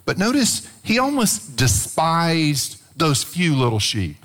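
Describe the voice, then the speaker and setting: Middle-aged pastor, sermon, animated storyteller with a very lively pitch. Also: male voice, takes it slowly, few pauses. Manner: animated storytelling, acts out quotes.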